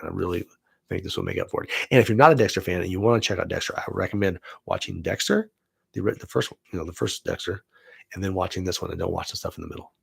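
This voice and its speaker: Brief: forties male vlog host, gravelly low voice, relaxed enthusiastic chat, salty language. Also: dry recording. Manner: loose and enthusiastic, swears freely. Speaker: vlog host, film student. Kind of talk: casual rambling chat.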